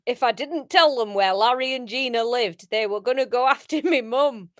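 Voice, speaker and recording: A woman's voice: a little high, moderate pace, fairly bright tone, no room sound, clean studio sound, lightly acted. A woman voicing a nervous young Northern man who sputters out an apology. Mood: apologetic. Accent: Northern English, as put on.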